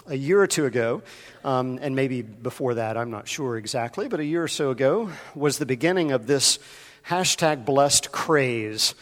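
A man's voice: medium pitch, lively intonation, moderate pace. A man preaching a sermon as pastor, talking casually and addressing members of the congregation by name. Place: church sanctuary. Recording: long hall reverb.

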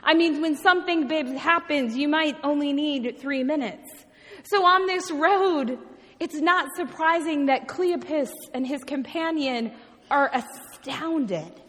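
A woman with a high voice delivers a sermon, drawing out her words with dramatic pauses and repeating key phrases. Her voice carries a long reverb, as if from a large sanctuary. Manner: expressive storytelling with dramatic pauses and repetition. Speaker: preacher.

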